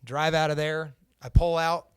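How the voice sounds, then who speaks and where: A man's voice: on the high side, fairly even intonation, unhurried, smooth, dry recording, studio quality. A young man from Central Indiana, a podcast guest casually telling a personal story, swearing freely and acting out what others said. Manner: casual and profane, acts out the quoted lines.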